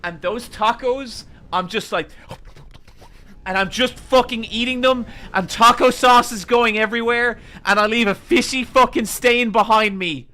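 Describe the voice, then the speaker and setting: A man's voice: very high-pitched, unhurried, sharp tone. A young man streaming, telling a rambling, profane story to his chat in an exasperated way.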